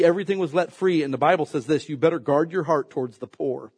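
A man preaching with a husky, slightly breathy voice that sits a little higher than most men's. He preaches in an animated way, climbing to loud, high emphasis and then dropping to low, quiet asides. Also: fast talker, few pauses. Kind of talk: sermon.

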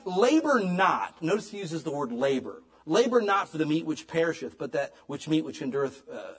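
Husky man preaching with loud-soft swings. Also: on the high side. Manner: emphatic, dramatic swings between loud and hushed; casual, conversational preaching with slang. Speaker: pastor. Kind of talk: sermon.

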